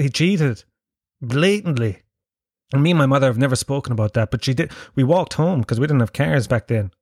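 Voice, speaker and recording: A man's voice: medium pitch, darkish tone, no room sound, clean studio sound. An Irish man with a Kerry accent, telling a rambling, self-mocking story and swearing freely. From Ireland. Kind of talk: storytelling monologue.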